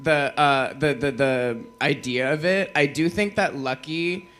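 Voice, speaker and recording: Drag queen guest, man, bright higher voice, chatty and profane, quick to laugh. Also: clear, resonant tone. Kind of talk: casual chat.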